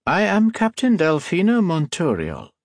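A man voicing a stern, commanding woman submarine captain with a slight unfamiliar accent, in formal, measured speech. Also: on the high side, sing-song, dry recording, voice pushed up.

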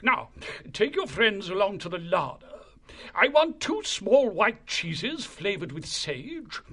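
A man's voice: high-pitched, a bit bright, pitched above the performer's own voice, full character voice. A man voicing a fat, bustling and bossy male mouse cook in an audiobook. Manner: fussy, bossy. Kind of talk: audiobook reading.

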